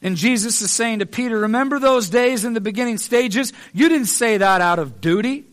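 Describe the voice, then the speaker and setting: Earnest high-voiced male preacher. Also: brisk, a bit bright. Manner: earnest, pleading, rises in emphasis on repeated phrases. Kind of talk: sermon.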